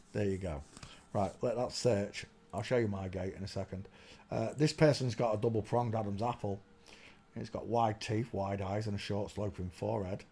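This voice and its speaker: A man's voice: lowish voice, a little mellow, a little hiss or hum. A man hosting a livestream, ranting in a rambling monologue to his chat and muttering to himself as he searches on screen. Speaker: livestream host.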